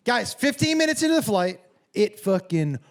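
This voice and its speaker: Stand-up comic, man, higher voice, big swooping delivery; profane storyteller who plays every character in the anecdote, on stage with a handheld mic. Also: moderate pace. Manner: animated, profane, acts out both sides of dialogue with sudden yelps. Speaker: stand-up comedian. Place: comedy stage before a live audience.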